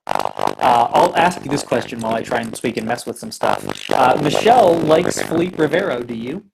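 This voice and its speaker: A man's voice: medium pitch, lively intonation, a little fast, creaky, background noise. A man hosting a casual sports podcast over an online call, rambling with fillers and restarts. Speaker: podcast host. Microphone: home computer mic over an online call.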